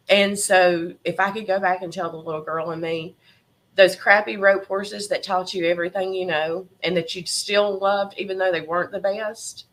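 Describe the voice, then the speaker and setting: A middle-aged Southern woman talks in a bright, ringing voice, telling warm, emotional stories as a podcast guest. Her delivery is lively and heartfelt, often breaking into laughter. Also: medium pitch. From Tennessee. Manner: emotional, animated storyteller who laughs often. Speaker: podcast guest, horse breeder. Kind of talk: casual interview chat.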